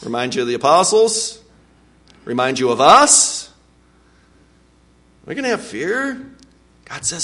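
A man teaching a Bible lesson in an animated way, acting out scripture and laughing often. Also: on the high side, a little slow, pauses often.

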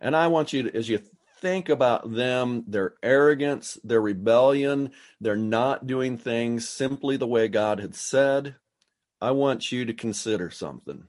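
A man's voice: medium pitch, measured pace. A man preaching a sermon, reading verses and explaining them in his own words, with frequent restarts. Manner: expository preaching with frequent restarts and paraphrased quotes. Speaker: pastor.

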